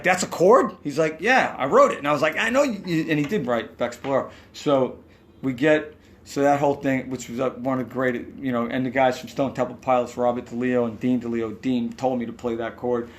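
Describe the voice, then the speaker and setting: Rambling New York man telling stories. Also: medium pitch. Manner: rambling, animated, acts out quotes, swears. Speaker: musician guest. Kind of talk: casual storytelling interview. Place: hotel room.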